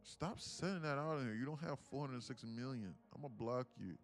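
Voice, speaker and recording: A man's voice: mid-range voice, normal speed. A man hosts a casual day-trading livestream in a mid-range voice. He rambles, repeats himself and talks straight to the viewers in chat. Faint music plays in the background. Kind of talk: casual live-stream chat.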